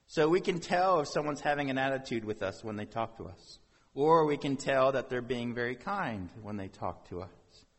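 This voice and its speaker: A man's voice: mid-range voice, animated, moderate pace, fairly bright tone, long reverb tail. A man preaching a sermon as pastor, talking to the congregation in a conversational way with rhetorical questions.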